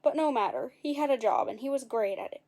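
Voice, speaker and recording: A woman's voice: on the high side, expressive, fast talker, mellow. Wry woman reading a story aloud. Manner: wry, dry asides, self-correcting. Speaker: narrator. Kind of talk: casual storybook read-aloud.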